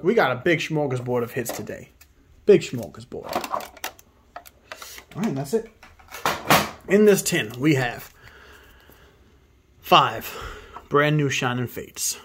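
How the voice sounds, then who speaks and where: A man casually commenting while he opens trading card packs, excitable and often muttering card names half under his breath. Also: mid-range voice, breathy edge. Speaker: card opening channel host. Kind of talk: casual pack opening commentary.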